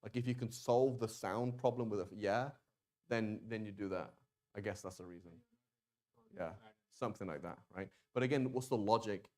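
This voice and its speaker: A man teaching a language class in a relaxed, chatty way, often stopping to sound out words slowly and restarting sentences. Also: on the low side. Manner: casual, conversational, with many fillers and restarts. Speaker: Arabic teacher. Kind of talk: classroom lesson.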